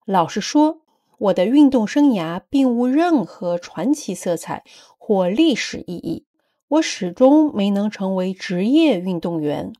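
A woman reading a passage aloud as a measured model for students. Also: medium pitch, very animated, mellow.

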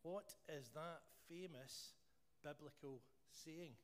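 A church leader with a Scottish accent and a fairly high voice speaks slowly as he leads a service, offering a prayer and then a playful quiz for the congregation. Jokey and animated with the room, he's recorded in a church hall with long reverb and faint noise.

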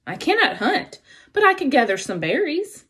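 A woman voicing a calm, literal female robot who speaks plainly and politely in a storybook reading. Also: high voice, moderate pace, voice pushed up.

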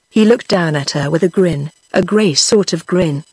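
A synthetic woman's voice with a British English accent, narrating an audiobook in an even, flat delivery. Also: lowish voice, moderate pace, slightly rough, dry recording. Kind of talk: text-to-speech book reading.

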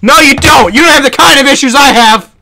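A man streaming a car game, joking and yelling at the game as he plays. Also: very high voice. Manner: joking, animated, quick to laugh and yell at the game. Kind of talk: casual gaming stream commentary.

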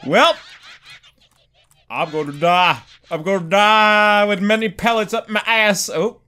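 A man hosting a game let's-play with excitable, goofy commentary that jumps into loud whoops. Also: high-pitched, slow, smooth. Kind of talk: gameplay commentary.

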